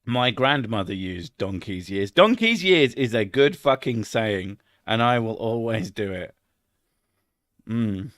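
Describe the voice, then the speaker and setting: A man's voice: fairly low pitch, expressive, slow pace, a bit bright, no echo, studio quality. A middle-aged British man chatting casually on a live stream, rambling, swearing a lot and laughing at his own jokes.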